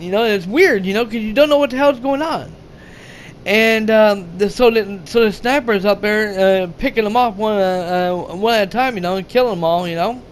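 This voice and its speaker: A man retelling a movie's plot in a rambling, halting way, full of fillers, restarts and swearing, acting out the characters' lines. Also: sits high, slight background noise. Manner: rambling, halting, many fillers and restarts, profane, acts out quotes. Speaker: movie reviewer. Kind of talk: rambling casual movie recap.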